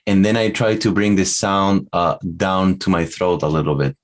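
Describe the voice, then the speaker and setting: A man's voice: low-pitched, moderate pace. A man from Argentina with an Argentine Spanish accent, a native Spanish speaker co-hosting a podcast, talking carefully and with some hesitation. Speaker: podcast co-host, English learner. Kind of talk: casual language-learning chat.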